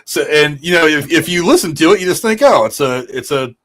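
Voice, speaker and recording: A man's voice: fairly high pitch, expressive, fairly quick, a bit bright. A man hosting a casual podcast chat, reading out trivia and laughing often. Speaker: podcast host.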